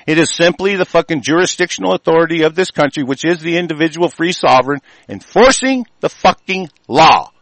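A man hosting a show, delivering an angry, profanity-laden rant. He stumbles over restarts and swings between yelling and low muttering. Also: lively intonation, brisk, hardly any pauses, dry recording, low-quality recording.

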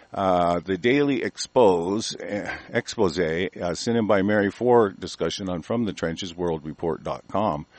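A man's voice: lowish voice, no room sound. A man hosting a commentary show, delivering an angry, profane rant and stumbling over words as he reads a news article aloud. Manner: aggressive, cursing, stumbles while reading aloud.

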